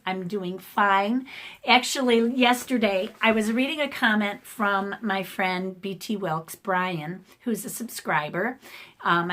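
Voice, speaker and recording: A middle-aged woman talking casually to the camera in a personal vlog, her voice going hoarse, emotional and rambling with many ums and restarts. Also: medium pitch, fairly bright tone. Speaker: art channel host. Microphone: camera facing the speaker.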